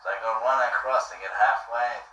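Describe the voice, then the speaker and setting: A man's voice: medium pitch, fairly even intonation, fast talker, pushed and bright. A man telling a story in a casual, rambling way, repeating himself and acting out what people said. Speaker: interviewee. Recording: echoey room, distant mic, faint hiss.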